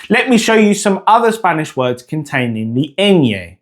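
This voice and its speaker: A man delivers a scripted pronunciation lesson in an unhurried, deliberate way. His pitch rises and falls a lot, and he stretches out each example word so it can be heard clearly. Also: big pitch swings, fairly bright tone. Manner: clear, deliberate, drawing out example words slowly. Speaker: language teacher.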